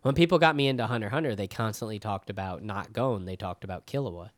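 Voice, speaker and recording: A man's voice: on the low side, fast, no echo, studio quality. A young man hosting a casual podcast chat, enthusiastic, often saying dude and swearing casually. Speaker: podcast host.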